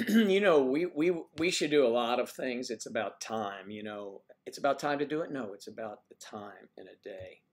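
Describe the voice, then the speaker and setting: A man's voice: medium pitch, lively intonation, normal speed, hardly any pauses. An older man hosting a casual livestream, musing aloud and trading folksy sayings in a loose, rambling way. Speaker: livestream host.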